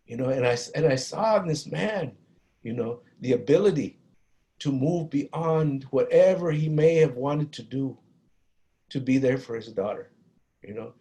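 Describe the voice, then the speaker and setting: A middle-aged man with a Chicano East Los Angeles accent, telling a personal story in a talk, earnest and halting, with many restarts and Spanish phrases. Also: mid-range voice, mellow. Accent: Chicano English from East Los Angeles. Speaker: guest speaker on violence prevention.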